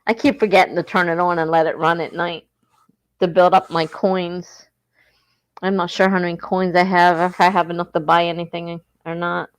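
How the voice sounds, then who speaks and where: A woman's voice: lowish voice, level tone, moderate pace. A woman from southern New Jersey with a South Jersey accent, hosting a casual livestream, chatting and reading viewer comments aloud, laughing often. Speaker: livestream host.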